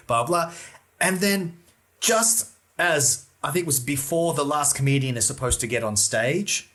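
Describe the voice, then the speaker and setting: A man co-hosting a comedy podcast, telling a story in a lively way and casually swearing. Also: fairly high pitch, fairly quick. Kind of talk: casual chat, anecdote telling.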